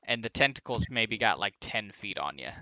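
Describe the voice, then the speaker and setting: A man's voice: fairly low pitch, moderate pace, no room sound. A man running a tabletop game as game master, narrating the action loosely with plenty of fillers and frequent laughter. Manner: laughs often, relaxed with many fillers.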